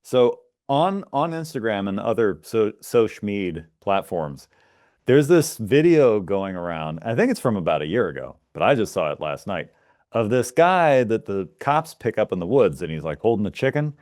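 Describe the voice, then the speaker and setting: A man's voice: lowish voice, sing-song, moderate pace, a little mellow, no room sound, studio quality. A man co-hosting a casual podcast, ranting with mock outrage. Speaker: podcast co-host. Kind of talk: casual chat.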